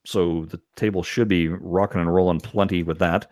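A man's voice: sits low, steady tone, moderate pace, darkish tone, dry recording, clean studio sound. A man hosting a podcast, chatting casually and animatedly, with frequent laughs. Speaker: podcast host. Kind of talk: casual chat.

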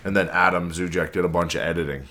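A man's voice: low voice, fairly even intonation, fast talker, bright, forceful tone. A man hosting a casual podcast, chatting loosely about fights and swearing freely. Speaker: podcast host. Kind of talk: casual chat.

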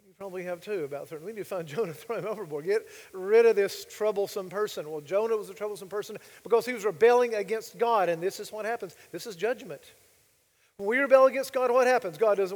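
A man's voice: high-pitched, fast, in a large hall. A male pastor preaching a sermon, emphatic and full of rhetorical questions to the congregation.

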